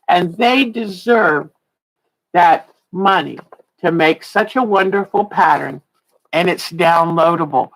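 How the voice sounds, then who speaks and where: A woman's voice: fairly low pitch, low-quality recording. A woman in her sixties, a quilting teacher on a casual livestream, chatty and laughing often, a little tired and yawning. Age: 60s.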